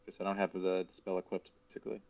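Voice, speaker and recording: A man playing a tabletop game, rambling quickly through his ideas. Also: low-pitched, level tone, gravelly, darkish tone. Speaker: player. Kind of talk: casual tabletop play. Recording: dull lo-fi mic.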